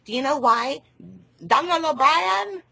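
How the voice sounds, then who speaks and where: A woman's voice: high voice, animated, measured pace, creaky, sharp tone, no room sound. A woman on a phone call who rambles, loses her train of thought and laughs often. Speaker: caller.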